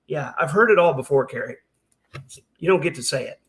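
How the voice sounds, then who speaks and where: A man's voice: on the high side, expressive, a little fast, a bit bright. A man hosting a reaction commentary, ranting in a heated, sarcastic and profane way. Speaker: commentary channel host.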